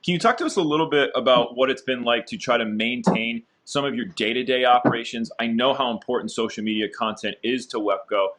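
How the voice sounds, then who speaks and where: A man's voice: medium pitch, a little fast, few pauses, a bit bright. A man hosting an interview over a video call, upbeat and encouraging, with frequent fillers. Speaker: interviewer and host.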